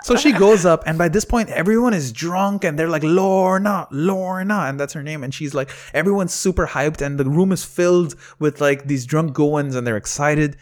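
A man telling a lively story in casual chat, acting out quotes and laughing often. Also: on the high side, fairly quick, few pauses. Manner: animated, laughing storyteller who acts out quotes. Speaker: comedy producer and comedian.

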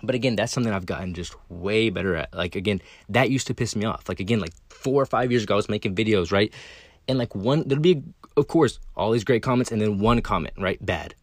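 A man's voice: lowish voice, quick pace, no echo. Blunt, profane young man, dry close mic. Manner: blunt and profane, many fillers and restarts. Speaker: video creator. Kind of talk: casual monologue.

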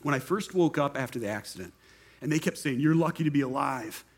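A man's voice: medium pitch, a little fast. A young man, a pastor, giving a sermon testimony and acting out the voices of the people in his story. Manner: animated storytelling, acts out quoted voices.

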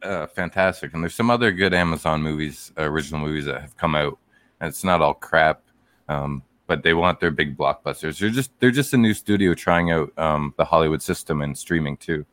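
Very low-voiced rambling man. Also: brisk, fairly bright tone, no room sound, studio quality. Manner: rambling, hesitant, lots of fillers. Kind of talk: casual chat about movies.

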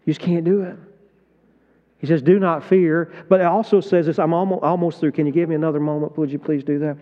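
A male pastor preaching a sermon with passion, swinging from hushed tones to loud emphatic peaks. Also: on the high side, little pitch movement, quick pace. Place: large church hall. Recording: dull sound, long hall reverb.

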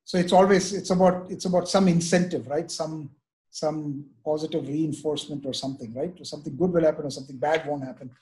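A man's voice: on the high side, fairly even intonation, fast, warm tone. Middle-aged man teaching, lots of "right?". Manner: rambling, many fillers and "right?" checks. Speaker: church teacher leading a parenting class. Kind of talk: interactive online parenting lesson.

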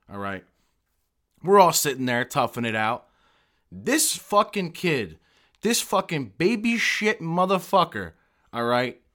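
A man, an army veteran, telling profane, animated stories in a casual chat. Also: a little high.

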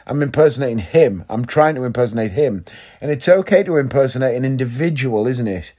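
A man from Northeast England rambles through a relaxed vlog monologue at a middling pitch. He keeps it conversational and keeps tossing tag questions at the viewer. It sounds like easy chat rather than a script. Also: brisk. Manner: chatty, leans on tag questions like "isn't it?". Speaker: vlogger.

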